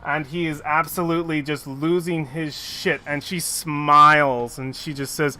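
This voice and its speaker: Slow, bright-voiced male game master. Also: on the high side, fairly even intonation. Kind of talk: narrating a tabletop game.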